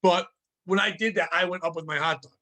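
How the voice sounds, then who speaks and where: A man hosting a casual podcast, ranting and swearing in an animated, comedic way. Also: high voice, brisk. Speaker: podcast host.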